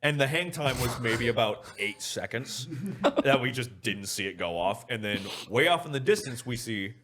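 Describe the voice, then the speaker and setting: Young guy, podcast guest, animated storyteller with a swinging pitch. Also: moderate pace, a little hiss or hum. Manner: animated, acts out voices and sound effects, laughs often. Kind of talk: casual storytelling.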